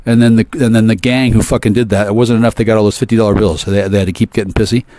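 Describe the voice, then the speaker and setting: Man, lowish voice, rambling swear-filled rant to camera, stumbles over his words. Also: steady tone, rapid-fire, warm tone, no room sound. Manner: profane, aggressive, stammering restarts.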